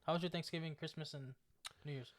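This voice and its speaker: Fast-talking chatty young man. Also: fairly high pitch, steady tone, slight background noise. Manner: quick, chatty, stumbling restarts. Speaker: podcast co-host. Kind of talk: casual chat.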